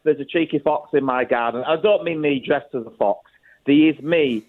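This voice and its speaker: A man's voice: a little high, normal speed. A man, a comedian guest chatting playfully down the phone. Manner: jokey, playful. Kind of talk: casual phone chat. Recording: tinny phone line.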